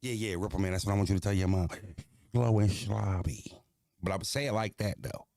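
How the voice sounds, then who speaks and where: A man's voice: sits low, rapid-fire, a little mellow, no room sound, studio quality. A young man hosting a livestream, joking loosely and profanely, laughing and roasting his chat. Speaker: livestream host.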